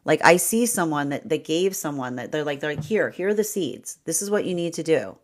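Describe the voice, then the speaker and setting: A woman's voice: low voice, lively intonation, a little fast. A woman giving a rambling livestream tarot reading, often acting out imagined inner voices and breaking into laughs. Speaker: tarot reader.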